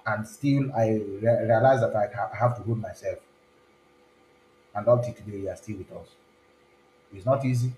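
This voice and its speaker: A man's voice: lowish voice, moderate pace, pauses often, dark tone, a little hiss or hum. A man hosting a casual live stream. He talks in a chatty way and slips between English, Igbo and pidgin, heard in a roomy, echoing space. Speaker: online show host. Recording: roomy echo.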